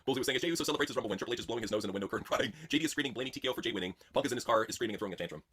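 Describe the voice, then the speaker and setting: A man co-hosting a comedy chat show with a husky voice, reading out jokes and laughing a lot. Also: medium pitch, rapid-fire, fairly bright tone. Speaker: podcast co-host.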